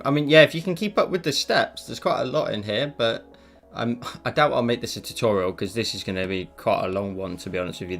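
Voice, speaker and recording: A man's voice: lowish voice, a bit bright. A man chatting casually on a live stream while he draws, rambling with self-deprecating asides into a desk mic. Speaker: live-streaming digital artist.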